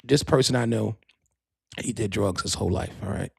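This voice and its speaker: A man hosting a podcast in a casual monologue, animated and profane, full of street slang. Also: on the low side, normal speed, gravelly, husky, dry recording. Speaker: podcast host and DJ.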